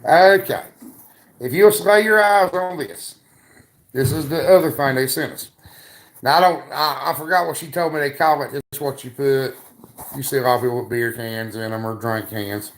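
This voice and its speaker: Man, livestream co-host, easygoing joker, mid-pitched, rambling delivery. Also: normal speed. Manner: joking, rambling, drawling with filler "uh"s. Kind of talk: casual livestream chat.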